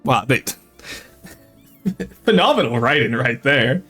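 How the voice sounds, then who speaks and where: A medium-pitched, husky male voice is very animated, bright, and forceful, though he speaks slowly, with faint music behind. He's a French Canadian streaming a strategy game, chatty and rambling, with free swearing and frequent laughter. It's an informal live stream with running commentary on the game.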